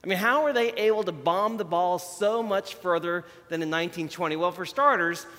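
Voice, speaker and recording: A man delivers a conversational sermon, chatty and self-deprecating. His voice sits a little high. A long reverb from a large hall trails each phrase. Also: a little fast, pushed and bright. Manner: chatty, self-deprecating, shows props while talking.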